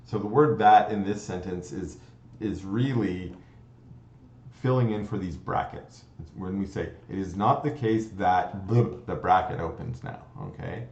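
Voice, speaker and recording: A man with a low, slightly mellow voice teaches a computer science lecture a little slowly, explaining step by step, restarting phrases, and checking in with "okay?". The recorded lecture sounds dull and roomy.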